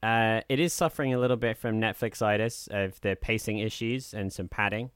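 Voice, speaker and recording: Low-voiced guy co-hosting a podcast, smooth clear tone, lots of ums, chatty. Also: fairly even intonation, fairly quick, no room sound, studio quality. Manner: rambling, with many fillers, dips into a soft, smooth put-on voice. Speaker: podcast co-host. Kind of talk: casual chat.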